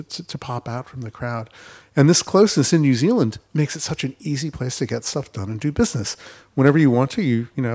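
Animated man on a festival panel. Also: mid-range voice. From United States. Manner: animated storytelling, acting out mock quotes. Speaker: investor panelist. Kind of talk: panel discussion. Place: festival stage.

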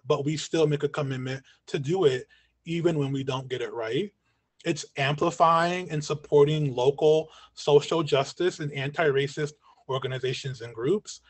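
This community educator and guest speaker is losing his voice during an online lecture, and it grows thinner the longer he talks. He sounds earnest and a bit high, with fairly even intonation, often tossing in a quick "right?" to the audience. The video call mic picks him up dry and close, without any echo.

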